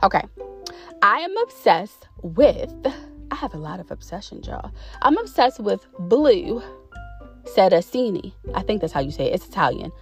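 A woman vlogger chatting casually to her viewers, animated and drawn out on the words she stresses. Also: mid-range voice, normal speed, soft background music.

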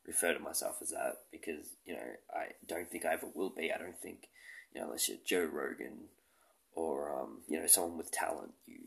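A man's voice: low voice, creaky, fairly bright tone. A man in his late twenties hosting a podcast, rambling casually in a self-deprecating way and swearing often. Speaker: podcast host.

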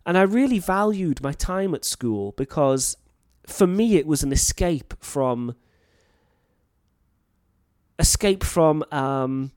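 A man's voice: on the high side, lively intonation, slow, long pauses, a little mellow, no echo, clean studio sound. A man in his late thirties with a North Welsh accent, a teacher talking earnestly to fellow teachers and explaining his points. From North Wales.

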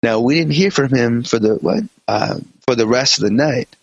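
A man's voice: mid-range voice, normal speed, creaky, dry recording. A man co-hosting a podcast, reading out a story in casual chat with crude jokes. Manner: crude, joking storyteller who slips into voices for quotes. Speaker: podcast co-host. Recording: dry, dull lo-fi sound.

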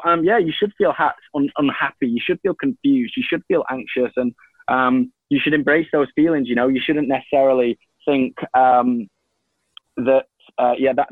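A man's voice: fairly high pitch, no echo. A man from England giving long casual answers as an interview guest, full of restarts and fillers, over a video call. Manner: rambling, many restarts and fillers. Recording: tinny phone-like line, dry.

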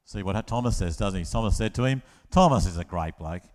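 A man preaching a lively children's-talk sermon, telling the story with playful asides and acted-out voices. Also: sits low, brisk. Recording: long hall reverb.

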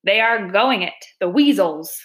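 A commanding old badger leader, steady and gruff, calling his friends to action, as a woman reading aloud puts him on. The voice is pitched up and pushed louder for his lines. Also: a little slow. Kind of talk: storybook reading.

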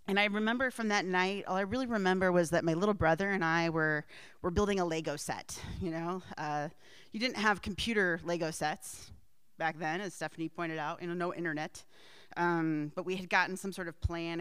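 A woman's voice: fairly low pitch, a bit bright, clean tone, no echo. A middle-aged woman telling a personal family story in a rambling way, with asides and frequent laughs.

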